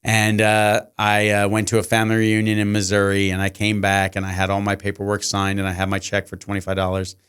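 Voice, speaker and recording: Middle-aged teacher guest, low smooth voice; chatty storyteller who plays out every exchange. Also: male voice, monotone, a little fast, few pauses, a bit bright. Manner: long anecdotes, acting out quoted dialogue. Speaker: guest, high school teacher. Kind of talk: casual podcast storytelling.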